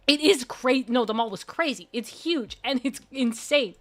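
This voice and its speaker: A woman streamer chatting casually, gushing and rambling excitably. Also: high-pitched, normal speed. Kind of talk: casual live-stream chat. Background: faint background music.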